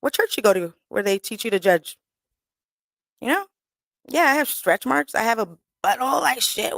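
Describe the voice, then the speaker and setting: A woman hosting a radio talk show, telling a candid story in a blunt, profane, animated way and acting out the voices of people she quotes. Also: medium pitch, normal speed, creaky, no room sound. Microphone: studio microphone.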